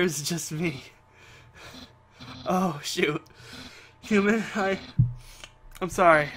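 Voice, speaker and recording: Guy doing an awkward skeleton, kinda low and halting, bright voice. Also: slight background noise, rough recording. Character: awkward, earnest male skeleton.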